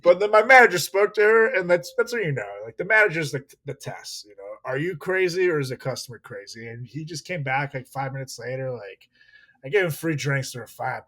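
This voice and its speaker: A man co-hosting a podcast in casual chat, animated and profane, laughing often. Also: fairly high pitch. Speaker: podcast co-host.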